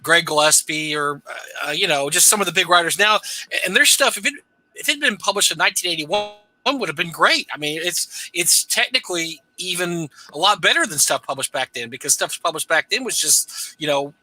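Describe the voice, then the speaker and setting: Bright, high-voiced man in dry sound. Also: lively intonation, brisk, dry recording, poor audio. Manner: chatty, self-deprecating, laughs at own stories. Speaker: co-host. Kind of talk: casual livestream chat.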